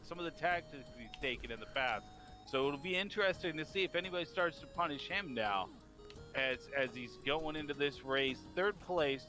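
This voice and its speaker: A man giving eager play-by-play commentary on a video game race, rising in excitement at each crash. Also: medium pitch.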